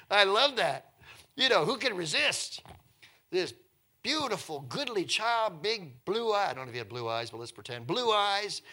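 Animated, bright-voiced male preacher. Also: on the high side, normal speed. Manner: animated storytelling, swinging from hushed to loud, repeats words. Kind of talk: sermon.

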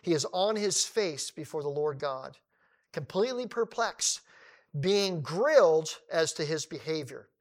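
Animated male preacher retelling a story. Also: on the high side, measured pace. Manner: animated, acting out quoted dialogue. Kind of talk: sermon.

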